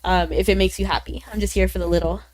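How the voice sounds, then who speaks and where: A woman's voice: medium pitch, steady tone, quick pace, a little mellow. A woman livestreaming and chatting casually with viewers; she is sick and her voice sounds a little off, and she rambles with lots of "like" and small laughs. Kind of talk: casual stream chat reading viewer comments.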